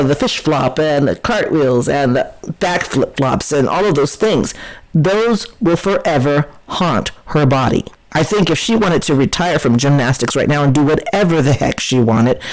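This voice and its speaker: A woman's voice: sits low, darkish tone, poor audio. A woman hosting a podcast, giving chatty, opinionated political commentary in a scornful, mocking way. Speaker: podcast host.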